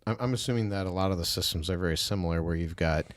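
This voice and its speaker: A man's voice: sits low, rapid-fire, no room sound. A man from Wisconsin hosting a podcast, musing through questions with frequent restarts. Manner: musing, hesitant, with many restarts. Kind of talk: conversational podcast interview.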